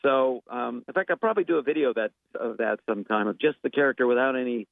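Here a guest actor and impressionist talks quickly in a medium-pitched, creaky voice during a relaxed interview. His speech wanders thoughtfully, full of fillers and false starts. There's no echo, and the audio has a phone-like quality.

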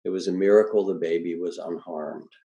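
A man reading a first-person story aloud in a calm, measured way. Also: sits low, dull audio.

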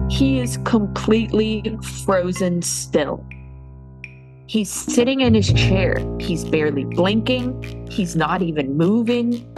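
A woman telling her own painful story as a podcast guest, halting often and restarting her sentences. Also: medium pitch, low-quality recording. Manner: halting, with many restarts and fillers. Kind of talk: emotional personal account.

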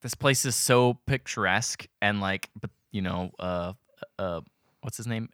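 A man's voice: on the low side, unhurried, a bit bright, clear, resonant tone, dry recording, studio quality. A man co-hosting a podcast, chatting casually about a movie in a loose, rambling way and swearing freely. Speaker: podcast co-host. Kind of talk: casual movie-review chat.

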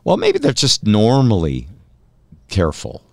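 A man's voice: on the low side, wildly swooping pitch, unhurried, creaky, dry recording, studio quality. A middle-aged man hosting a talk radio show, reading news items with wry jokes. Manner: wry, joking, reads news items aloud. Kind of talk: casual talk radio banter.

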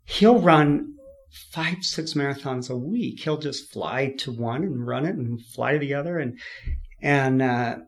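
A man from California, a podcast guest, telling his story in a lively way, laughing often and acting out what people said. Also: medium pitch, unhurried. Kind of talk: storytelling in an interview.

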